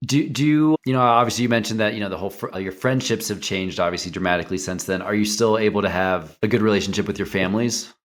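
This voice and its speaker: A man hosting a podcast, asking halting questions with fillers. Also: lowish voice. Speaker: podcast host. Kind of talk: interview.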